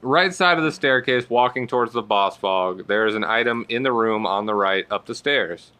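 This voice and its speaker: A man narrates a game walkthrough in a fairly low voice with a hard, bright edge. He is blunt and sarcastic, swearing casually as he gives directions. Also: animated, moderate pace, smooth. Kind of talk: casual gaming commentary.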